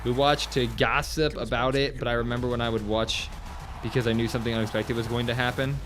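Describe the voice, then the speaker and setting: Soft music plays behind a man hosting a relaxed live stream, where he reads viewer comments aloud, chats freely and grumbles about technical problems during setup. His medium-pitched voice is level in tone, fairly bright and quick-paced.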